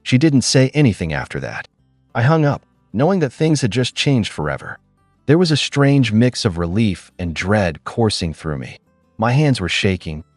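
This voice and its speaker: A man narrating a dramatic first-person story in a scripted, animated storytelling manner. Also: on the low side, no echo.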